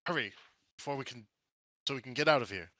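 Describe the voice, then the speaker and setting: A man voicing a female spellcaster who barks hurried orders. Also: medium pitch, lively intonation, pushed and bright, no echo, voice pushed up. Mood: urgent. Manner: brisk commands.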